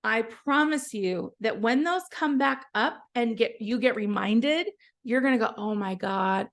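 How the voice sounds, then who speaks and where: Woman, app founder, casual tutorial delivery, slightly high voice with a gravelly edge, chatty and encouraging. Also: a bit bright. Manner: chatty, encouraging, trails off and restarts. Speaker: app founder giving a product walkthrough. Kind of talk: casual live software tutorial.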